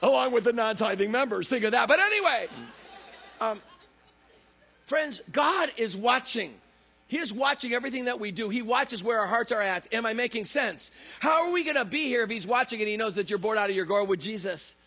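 A man preaching a lively, joking sermon who acts out voices in his stories. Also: very high voice, fairly quick, breathy edge, some chatter behind. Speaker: pastor. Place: church service.

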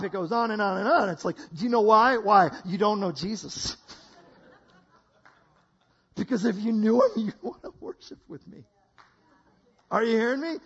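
High-voiced animated male preacher. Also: dull audio. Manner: animated, acts out voices, laughs often. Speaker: guest preacher. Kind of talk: energetic sermon.

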